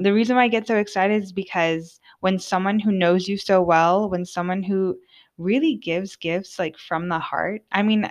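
A young woman hosting a podcast, talking casually and from the heart, with lots of filler words. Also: medium pitch. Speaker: podcast host. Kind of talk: personal monologue.

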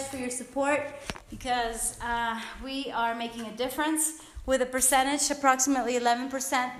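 Breathless woman podcast host, high voice, upbeat self-coaching, echoey room. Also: fairly bright tone. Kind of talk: casual motivational chat while exercising.

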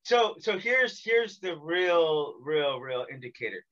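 A man's voice: on the high side, slow, highs cut off. An American man hosting a podcast, chatting casually and teasing his guest with jokes. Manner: joking, teasing, energetic. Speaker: podcast host. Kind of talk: casual interview chat.

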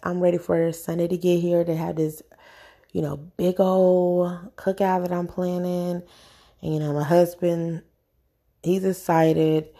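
A woman's voice: fairly low pitch, level tone, unhurried, dark tone. A stay-at-home mom hosting her own casual podcast, talking into her phone in a chatty, rambling, enthusiastic way, a little nervous. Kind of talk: casual solo podcast talk.

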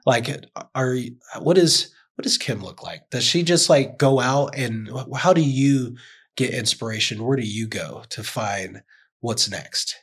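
A man's voice: medium pitch, expressive, a little slow, fairly bright tone, husky. A man hosting a local business talk show, affirming his guest and often echoing her words. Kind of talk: conversational interview.

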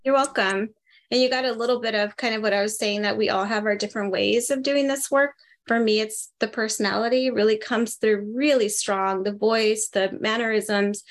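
A woman working as a medium who gives a spirit reading to a participant during a live group session, talking in a chatty, animated way and often laughing. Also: fairly high pitch, normal speed. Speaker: medium, interview guest.

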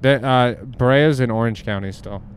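A man's voice: mid-range voice, unhurried. A young man from Southern California in a loose, swearing, laughing chat with a friend as they drive. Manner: laid-back, swearing, laughing, trailing off. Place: inside a moving car. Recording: car ride with faint road noise.

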